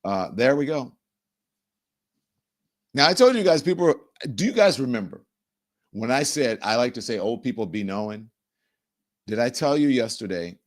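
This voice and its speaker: A middle-aged man hosting a live-stream talk show, animated and sarcastic, often mimicking the people he talks about. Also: mid-range voice, normal speed, long pauses. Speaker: host.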